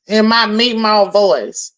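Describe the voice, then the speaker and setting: A woman's voice: mid-range voice, extremely slow, a bit bright, rough recording. A woman hosting a live stream, ranting in a brash, profane, mocking way as she calls people out. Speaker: livestream host.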